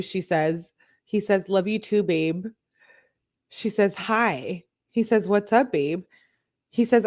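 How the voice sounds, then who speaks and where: A young woman hosting a casual chat, reading text messages aloud and breaking off with laughing reactions and asides. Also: medium pitch. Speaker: true crime commentary host.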